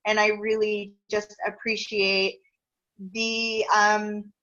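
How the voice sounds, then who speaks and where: A woman's voice: medium pitch, level tone, takes it slowly, sharp tone, highs cut off. A woman hosting a casual interview over a video call, earnest and grateful, talking openly and getting emotional. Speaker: interview host.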